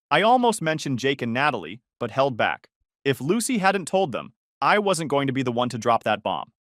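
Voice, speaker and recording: A man narrates a first-person story in a dry, sarcastic tone, his pitch rising and falling with a lot of life. The recording is close and dry, with no room sound. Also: big pitch swings, moderate pace, a bit bright, no echo.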